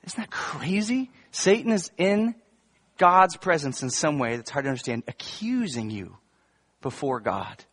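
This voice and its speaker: Man preaching a sermon, fairly high voice, chatty, joking asides, sudden emphatic bursts. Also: big pitch swings, measured pace, fairly bright tone, husky. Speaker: pastor. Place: church before a congregation.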